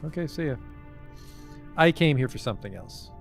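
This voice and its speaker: A young man streaming a game, reading the narration aloud and breaking off for wry asides. His voice is mid-pitched and ordinary in tone. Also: lively intonation, normal speed, vocal fry, soft background music.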